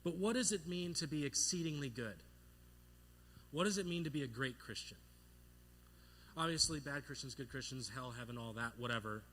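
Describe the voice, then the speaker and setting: A young man preaching a sermon as pastor, telling a childhood story with playful, animated delivery and acting out the voices in it. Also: medium pitch, moderate pace, pauses often, a little hiss or hum. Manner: animated, playful, acts out voices in his stories.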